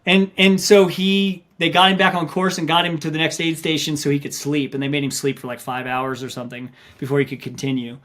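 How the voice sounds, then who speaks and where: His voice is a little high, and he speaks fairly quickly with few pauses. The middle-aged ultramarathon runner and coach is being interviewed on a podcast, telling stories with animation and acting out others' words.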